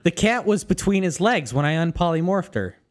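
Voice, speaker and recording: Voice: medium pitch, very animated, brisk. A player in a tabletop game, joking with hesitant starts. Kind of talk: casual game chat.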